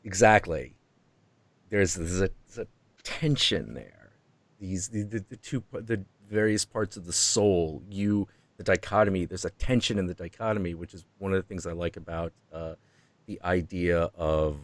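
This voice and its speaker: A man's voice: deep voice, measured pace, no echo. A man hosting a stream, chatting casually and rambling through ideas, now and then acting out voices in quotes. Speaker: stream host. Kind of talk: casual chat.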